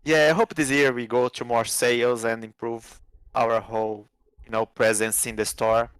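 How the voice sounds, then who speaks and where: A man's voice: mid-range voice, level tone, normal speed, a bit bright, smooth, no echo, poor audio. A man whose first language is Portuguese, a guest in a casual live interview, speaking modest, hesitant English. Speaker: interview guest, asset developer.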